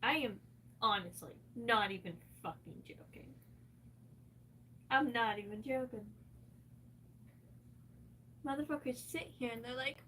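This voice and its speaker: A woman's voice: fairly high pitch, a little slow, long pauses, pushed and bright, slightly rough, distant mic. A distressed woman ranting on a livestream, cursing heavily and talking in an agitated, unscripted way.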